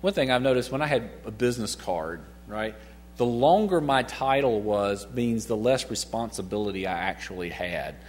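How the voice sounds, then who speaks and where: A man's voice: on the low side, expressive, moderate pace. A middle-aged man teaching a casual Bible study, chatty, chuckling often and asking his listeners questions. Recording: long reverb.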